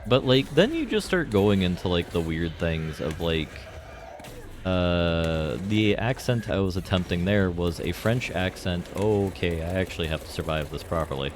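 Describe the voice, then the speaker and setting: A man with a deep, low voice talks through a game on a live stream. He rambles loosely from one joke to the next and leans on filler words as he goes. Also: expressive, normal speed, background noise. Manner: rambling and jokey, heavy on fillers. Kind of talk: casual live gameplay commentary.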